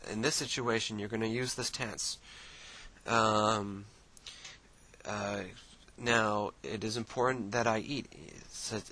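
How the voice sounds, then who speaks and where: A man explaining things in a casual, relaxed screen-share tutorial, using many fillers and restarts. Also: lowish voice, poor audio. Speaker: language teacher.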